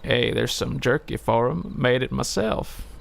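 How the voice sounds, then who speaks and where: Folksy old station owner, sentimental and slow-spoken, read by a man in a gravelly voice. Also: mid-range voice.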